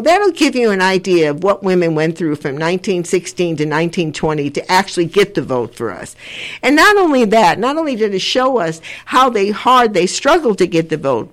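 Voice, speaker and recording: Earnest older woman hosting community radio. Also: fairly low pitch. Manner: earnest, rambling, repeats herself. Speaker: radio host. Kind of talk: community radio talk show.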